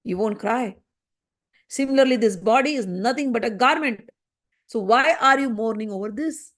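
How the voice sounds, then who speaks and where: Female teacher, high pitch, spoken commentary, repeats phrases and presses rhetorical questions. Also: normal speed, long pauses. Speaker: scripture teacher. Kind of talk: spoken commentary on a spiritual text.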